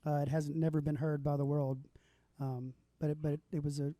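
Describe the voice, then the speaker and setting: A man's voice: a little high, level tone, fairly quick, warm tone, dry recording. A man hosting a casual livestream, chatting with a guest and telling stories in an easygoing way. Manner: easygoing storyteller, laughs often. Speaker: host.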